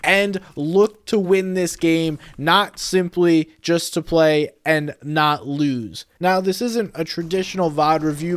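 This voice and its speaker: A young man explaining team roles in a game as a steady, analytical voice-over. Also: a little high. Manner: analytical, steady teaching delivery. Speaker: video creator and game analyst.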